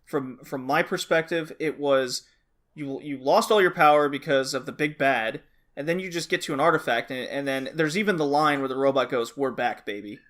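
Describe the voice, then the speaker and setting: A man's voice: on the high side, moderate pace, a bit bright. A man co-hosting a podcast, bluntly complaining and swearing in casual chat. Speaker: podcast co-host.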